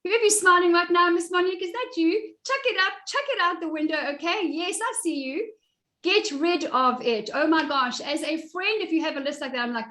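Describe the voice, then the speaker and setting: A woman's voice: very high-pitched, animated, fairly quick, bright, forceful tone. A middle-aged woman coaching a live online group on style and confidence, talking boldly and directly, teasing her listeners and laughing often. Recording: echoey room.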